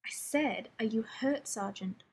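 A woman voices a gruff male pilot barking orders, with a raised, breathy tone. His delivery is rough and commanding, short and clipped. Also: a little high, measured pace, darkish tone, exaggerated voice.

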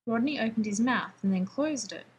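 A woman narrating fan fiction aloud in a calm, even storytelling voice. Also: on the high side, normal speed, breathy edge, rough recording.

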